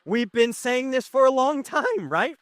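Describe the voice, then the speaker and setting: A young man preaching a sermon as pastor, conversational and emotional, swinging from loud to hushed. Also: very high voice, big pitch swings, measured pace, dry recording, studio quality. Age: young adult. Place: church sanctuary with audience.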